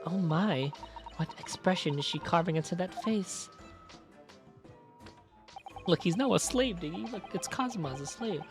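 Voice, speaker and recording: A man's voice: high voice, lively intonation, a little slow, gravelly, pauses often, faint music behind. A man streaming a game, reading the lines aloud and chatting and laughing with a friend. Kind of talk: casual game commentary.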